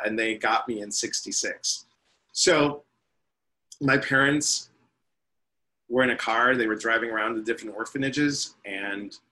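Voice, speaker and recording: A man's voice: lowish voice, sharp tone, low-quality recording. A man in his fifties, a spiritual teacher and interview guest, telling his life story in a chatty, rambling way. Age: 50s.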